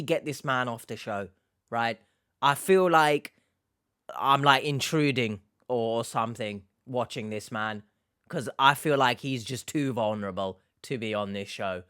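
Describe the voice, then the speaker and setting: A man hosting a reaction commentary, sarcastic and mocking, with sudden loud outbursts. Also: mid-range voice, measured pace, clean tone, dry recording, studio quality. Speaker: commentary host.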